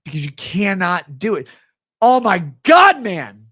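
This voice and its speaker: A man ranting scornfully on a livestream, retelling a story with mocking asides, in a husky voice. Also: sits high, very animated, a little slow, pushed and bright, no echo.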